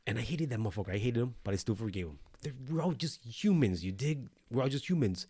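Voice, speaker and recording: Man, casual podcast host, swears freely, animated storytelling, dry close sound. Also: medium pitch, fast, breathy edge, dry recording. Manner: animated, profane, streetwise storytelling. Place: El Paso recording studio.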